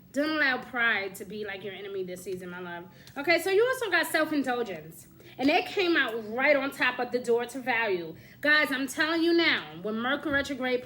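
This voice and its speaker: A woman giving a casual astrology reading to camera, coaxing and lively, often checking in with her listener and laughing between points. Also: high voice. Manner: coaxing, keeps saying "my love" and "okay?". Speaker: astrology reader.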